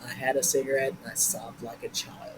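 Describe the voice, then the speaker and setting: An older woman, a guest improviser, telling animated stories in a casual interview and swearing freely. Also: rumbling low, fairly quick, background noise.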